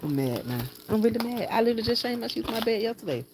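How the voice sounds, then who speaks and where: A woman's voice: fairly high pitch, big pitch swings, very fast, background noise. A woman vlogging from her bedroom, chatting straight to her viewers in an exasperated, talkative way. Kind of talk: casual chat to viewers. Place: home bedroom.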